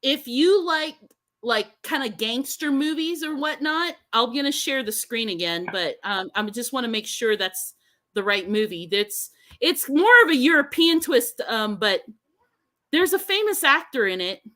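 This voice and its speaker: A woman's voice: high-pitched, lively intonation, a little slow, bright, forceful tone. A woman chatting casually, teasing and joking with her co-host. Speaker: podcast co-host. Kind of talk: casual chat.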